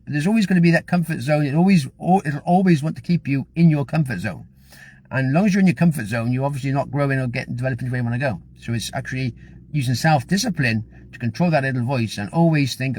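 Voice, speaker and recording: A man's voice: mid-range voice, quick pace, darkish tone, slightly rough. A man giving a casual, chatty motivational talk to camera, encouraging and a little repetitive. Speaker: motivational vlogger.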